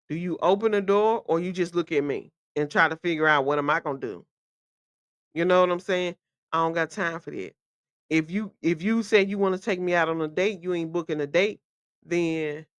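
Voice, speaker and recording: A woman's voice: fairly low pitch, fairly bright tone, smooth, no echo, muffled recording. A woman, hosting a podcast and giving blunt, emphatic advice in a casual monologue. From Memphis, USA. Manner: blunt, emphatic, repeats key phrases. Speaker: podcast host.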